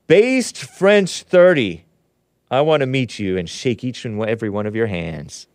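A man's voice: fairly low pitch, animated, a little fast, no echo. A man hosting his own commentary show, reading news aloud and scoffing at it with sarcastic asides. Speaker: host. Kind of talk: opinionated commentary show monologue.

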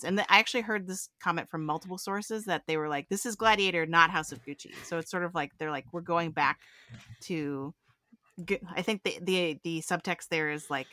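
A woman's voice: low-pitched, fairly bright tone, dry recording. A woman co-hosting a film podcast, chatty and enthusiastic in casual talk. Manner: chatty, enthusiastic, laughs often. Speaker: podcast co-host.

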